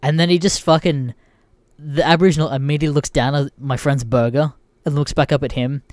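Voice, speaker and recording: A man's voice: on the high side, fairly even intonation, fairly quick, darkish tone, no echo, clean studio sound. A young Australian man hosting a podcast, telling a story casually with lots of swearing and laughter. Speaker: podcast host.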